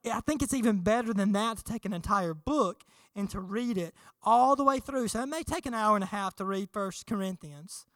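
A young man preaching a sermon, telling a childhood story in an animated way and acting out the voices. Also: high-pitched, fairly quick, dry recording. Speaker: pastor.

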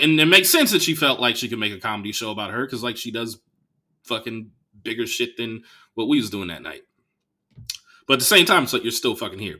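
A young man from the Bay Area hosts a podcast and tells stories in a loose, profane way. His voice is bright and forceful, and it jumps up sharply in pitch when he gets animated. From Bay Area, California. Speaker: podcast host. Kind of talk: casual storytelling monologue.

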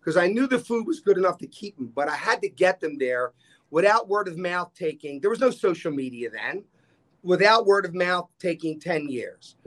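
A man's voice: high voice, normal speed. A man, telling stories as a podcast guest and acting out the people he quotes. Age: 60s. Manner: animated storyteller, acts out quoted dialogue. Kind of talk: casual storytelling chat.

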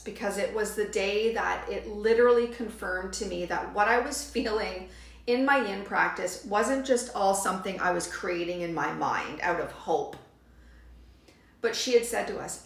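A woman tells a story on her podcast, chatty and lively, slipping into the voices of the people she quotes. Her voice sits at an ordinary middle pitch. A noticeable room echo hangs around every line. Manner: animated storytelling, quotes others with "she's like". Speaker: podcast host, yin yoga teacher. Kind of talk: casual storytelling monologue.

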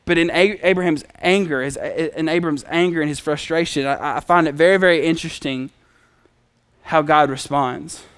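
Male preacher, relaxed conversational sermon, high clear voice. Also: moderate pace, no echo. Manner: conversational storytelling with acted quotes.

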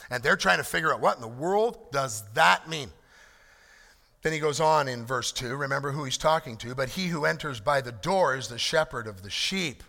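A man's voice: mid-range voice, animated, moderate pace, gravelly, pushed and bright, big-room sound. A man preaching a sermon, earnest and emphatic, repeating key phrases as he explains a scripture passage. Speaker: pastor.

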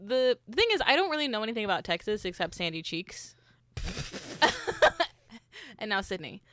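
A woman's voice: mid-range voice, very animated, unhurried, pauses often, bright, forceful tone, slight background noise. A young woman co-hosting a casual book chat, talkative and laughing often. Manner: chatty, laughs often, trails off mid-sentence. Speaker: podcast co-host.

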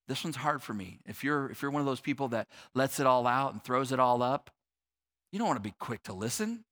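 A man in his forties preaching a sermon as a pastor, earnest, repeating words as he builds his point and dropping to a soft low voice to reflect. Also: lively intonation, a little fast, long reverb tail.

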